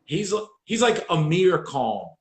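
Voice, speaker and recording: A man's voice: on the high side, slow, reverberant, a crowd in the background. A man hosting a casual chat, telling dog-training stories with profanity and acted-out voices. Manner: profane, animated storyteller acting out voices.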